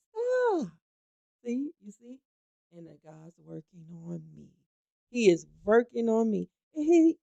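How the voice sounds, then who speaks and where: A woman's voice: a little high, gravelly, mellow, no echo. A woman hosting a gossip talk show, chatting emphatically and speaking straight to her viewers. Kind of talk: animated gossip commentary.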